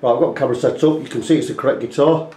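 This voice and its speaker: A man talks through a guitar repair, explaining each step casually as he works. His voice sits at an ordinary middle pitch, picked up by the camera mic in an echoey workshop room. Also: racing, mellow. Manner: chatty, explains step by step, talks while working. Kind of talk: hands-on repair walkthrough.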